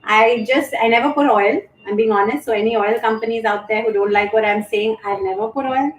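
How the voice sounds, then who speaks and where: Middle-aged woman host, candid and chatty, bright-ish voice, echoey room on a live stream. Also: fairly high pitch, steady tone, brisk. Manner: candid, chatty, warmly thankful. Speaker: show host and yoga instructor. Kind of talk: live-stream chat reading viewer comments.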